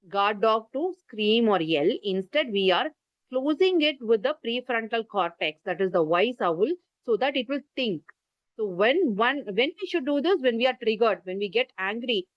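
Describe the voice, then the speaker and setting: A parenting workshop speaker with an Indian English accent teaches an online class by video call, explaining with gestures and asking people to write in the chat. She has a voice on the high side, and the recording is muffled, lo-fi video call audio without room sound.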